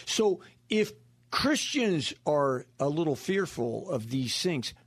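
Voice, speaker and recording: Animated husky man quoting scripture. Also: on the high side, slow, dry recording. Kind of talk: casual radio interview.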